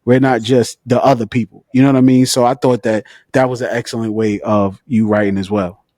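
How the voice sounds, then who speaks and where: A man's voice: medium pitch, fairly even intonation, fairly quick, mellow, no room sound, clean studio sound. A man interviewing an author, talking in an enthusiastic, slangy, conversational way. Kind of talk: casual interview chat.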